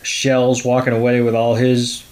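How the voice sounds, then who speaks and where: A man's voice: mid-range voice, monotone, unhurried, a little mellow. A man hosting a podcast, recapping an episode in a casual, rambling way with many fillers. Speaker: podcast host.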